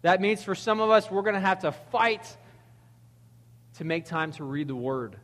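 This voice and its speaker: A man's voice: sits high, moderate pace. Man preaching in a reverberant church. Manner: conversational, animated preaching with acted-out quotes. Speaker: pastor. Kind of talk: sermon.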